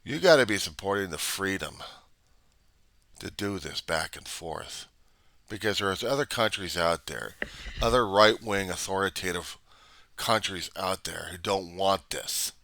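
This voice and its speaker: A man's voice: low-pitched, measured pace, gravelly, sharp tone, no echo. A man giving a political commentary monologue in an argumentative way, full of rhetorical questions. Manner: argumentative, rhetorical questions, acts out both sides. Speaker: vlogger.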